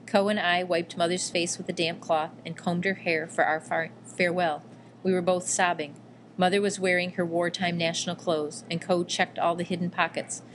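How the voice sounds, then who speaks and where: Measured, lower-voiced woman reading a memoir. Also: level tone, a little hiss or hum. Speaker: audiobook reader. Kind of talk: first-person memoir narration.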